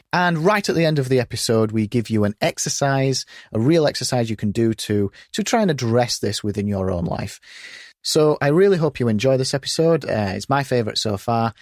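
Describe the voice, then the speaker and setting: A man co-hosts a relaxed podcast with a medium-pitched voice. He talks in a chatty, storytelling way, full of fillers. The sound is dry and close, with no room echo. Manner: chatty storytelling with acted-out quotes. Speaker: podcast co-host. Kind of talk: casual podcast chat.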